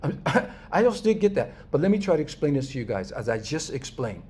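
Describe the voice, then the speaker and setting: An American man from Los Angeles speaking in a casual, animated monologue to his viewers, emphatic and chuckling often. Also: fairly high pitch, a little fast, husky. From Los Angeles, USA. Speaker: vlogger.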